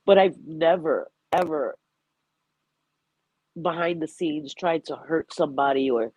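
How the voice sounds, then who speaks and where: A woman's voice: sits low, a little slow, darkish tone, husky, no room sound, poor audio. A woman hosting a live stream, talking heartfelt and rambling about grief, with a stuffy nose and frequent laughter. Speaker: livestream host. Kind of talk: emotional live-stream chat.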